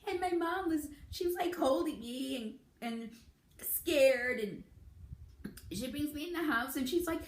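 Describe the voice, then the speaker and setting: A woman's voice: high-pitched, a little slow. A woman vlogger casually telling a childhood story, laughing often as she talks. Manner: giggly, laughing through the story. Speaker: beauty vlogger. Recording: echoey room.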